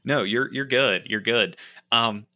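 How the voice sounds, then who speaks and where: A man's voice: medium pitch, slow, pushed and bright. A man co-hosting a podcast who chats casually about films, often restarting his sentences with amused asides. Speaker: podcast co-host. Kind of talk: casual movie discussion chat.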